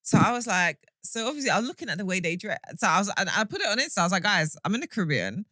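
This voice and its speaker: A woman's voice: mid-range voice, expressive, racing, sharp tone, no room sound, studio quality. A young woman, co-hosting a podcast in casual chat, telling stories with rambling asides and self-corrections. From England. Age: young adult. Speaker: podcast co-host.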